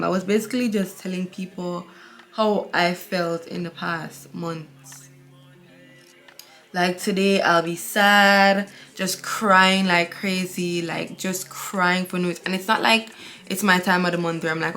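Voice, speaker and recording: A woman's voice: on the low side, steady tone, a little slow, pushed and bright, faint music behind. A young woman vlogger chatting candidly and rambling while she gets ready at home, talking into her camera. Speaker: beauty vlogger. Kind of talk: casual chat while getting ready.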